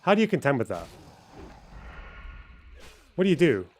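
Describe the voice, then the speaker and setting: A man's voice: on the high side, big pitch swings, moderate pace. A young man from Scotland with an Aberdeen accent, arguing a point on a livestream with rhetorical questions. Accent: Scottish, Aberdeen. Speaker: streamer host. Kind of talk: casual livestream talk.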